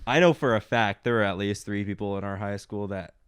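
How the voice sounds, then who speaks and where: A young man from Nebraska with a Midwestern accent, chatting casually and laughing through an animated story. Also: on the low side, fairly quick, a crowd in the background. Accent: Midwestern American. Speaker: cast member. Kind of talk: casual chat.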